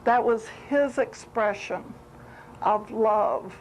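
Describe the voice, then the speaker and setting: A woman's voice: on the high side, slow, a little hiss or hum, rough recording. A woman telling a personal story at a spiritual retreat, heartfelt and repeating words for emphasis. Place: retreat gathering.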